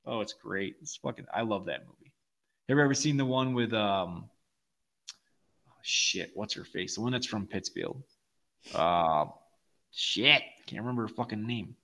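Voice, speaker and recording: A man's voice: lowish voice, normal speed, pauses often, bright, forceful tone. A man co-hosting a podcast, telling stories in casual, profane chat over a video call and laughing a lot. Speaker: podcast co-host.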